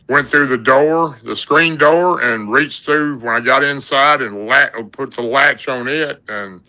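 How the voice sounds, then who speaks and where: Folksy man, very bright voice. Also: medium pitch, low-quality recording. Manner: rambling, folksy, lots of "and, uh". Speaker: podcast guest telling an encounter story. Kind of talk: casual storytelling.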